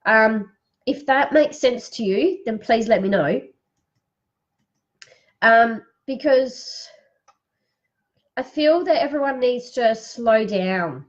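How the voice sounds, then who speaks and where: A woman giving a psychic reading on a live stream, tearful, speaking in a slow, soothing way as she guides breathing. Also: fairly high pitch, muffled recording.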